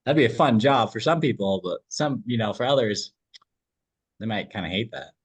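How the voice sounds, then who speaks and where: A man's voice: on the low side, animated, moderate pace, husky, no room sound. A man co-hosting a podcast, chatting casually and laughing as he talks. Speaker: podcast co-host. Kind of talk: casual review chat.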